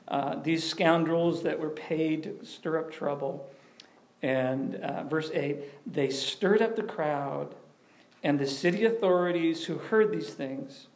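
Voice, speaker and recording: Animated conversational male preacher. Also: on the high side. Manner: animated, conversational, asks the audience questions. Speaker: pastor. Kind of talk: sermon.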